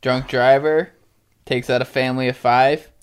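A man's voice: medium pitch, level tone, normal speed, smooth. A man trading casual banter with a co-host, blunt and sarcastic. He throws in profane asides and speaks plainly. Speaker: podcast co-host. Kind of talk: casual chat.

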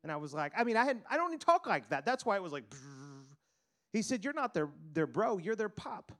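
Male pastor, middle-aged, high voice, earnest sermon delivery with repeated words. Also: very animated, quick pace, fairly bright tone.

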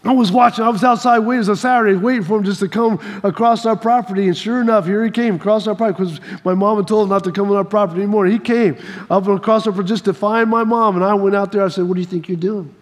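A male preacher delivers a sermon through lively personal stories, acting out scenes and repeating key phrases for emphasis. His voice sits very high for a man. Long hall reverb trails after each line. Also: very fast, few pauses.

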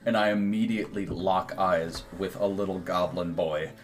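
Blunt low-voiced man at a game table. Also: fairly even intonation, moderate pace. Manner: casual, blunt, profane. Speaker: player.

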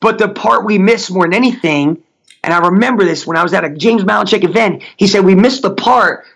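A middle-aged man, a mindset coach, giving a fervent faith-based motivational talk, slowing down to chant affirmations. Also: sits high, vocal fry, fairly bright tone. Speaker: podcast guest, mindset coach.

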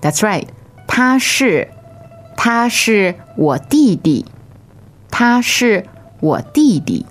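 A woman teaching in a podcast lesson, speaking slowly and carefully and repeating each phrase. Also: medium pitch, very animated, faint music behind. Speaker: language teacher, co-host. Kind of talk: slow lesson dialogue and drills.

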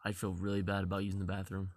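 A man's voice: sits low, completely flat delivery, fast, dry recording, clean studio sound. A young man in goofy, playful casual chat who laughs a lot. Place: blanket fort.

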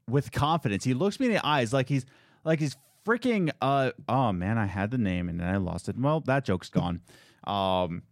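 A man's voice: medium pitch, moderate pace, no room sound. Sarcastic guy ranting about a customer, voice jumps all over, dry close sound. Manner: animated, sarcastic, quotes people in put-on voices. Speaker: restaurant worker telling a story. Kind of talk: casual storytelling chat.

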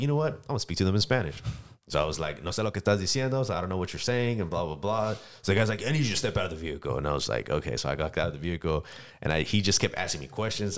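A man from the United States, a guest on a casual podcast, telling stories fast in a very deep voice. He talks in slang and acts out every exchange. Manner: animated storyteller acting out dialogue, slangy. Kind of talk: casual storytelling chat.

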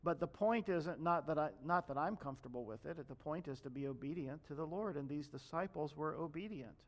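A man's voice: a little high, brisk. A man preaching a sermon in a conversational way, addressing the congregation directly and acting out the people in the story. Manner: conversational preaching, acts out quoted voices. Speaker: pastor.

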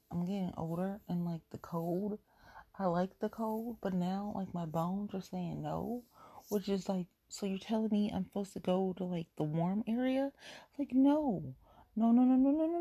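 A woman's voice: fairly low pitch, creaky, dark tone, husky, no echo, clean studio sound. A middle-aged woman hosting a casual solo podcast, venting in a rambling, exasperated way and repeating herself. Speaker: podcast host.

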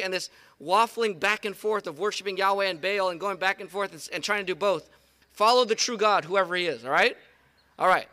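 A man preaching a sermon at an outdoor service, retelling stories in a conversational, animated way. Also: high voice, a little fast. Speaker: pastor.

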